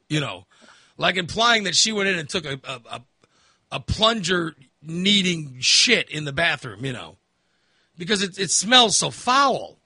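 A man hosting a talk show who tells a crude story in an animated, exasperated way and swears freely. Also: sits high, normal speed, no room sound. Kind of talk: casual storytelling chat.

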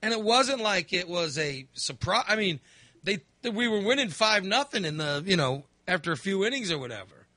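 Man, middle-aged, casual chat, animated storyteller, bright tone, dry sound. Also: high voice, normal speed, no echo. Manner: animated storyteller, acts out his own reactions.

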